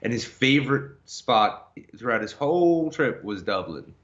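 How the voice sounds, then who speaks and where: A man's voice: medium pitch, very animated, a little slow, fairly bright tone, highs cut off. A man co-hosting a live-streamed podcast, bantering with crude jokes in casual chat. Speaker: podcast co-host.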